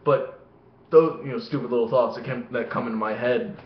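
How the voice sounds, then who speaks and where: Swearing dude rambling on a vlog, dull lo-fi sound, roomy echo. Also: male voice, mid-range voice, steady tone, a little fast. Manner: rambling, swears constantly, laughs at own stories. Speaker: vlogger. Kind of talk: rambling profane storytelling to camera. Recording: echoey room, dull lo-fi sound.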